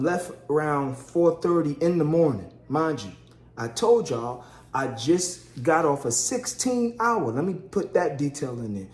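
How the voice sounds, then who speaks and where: A man spins a lively story about his wife's labor, calling out to viewers as he goes. His voice sits a little high. The room around him is echoey. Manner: animated, chatty, addresses viewers as y'all, acts out quotes. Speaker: husband telling a birth story. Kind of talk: casual storytelling vlog.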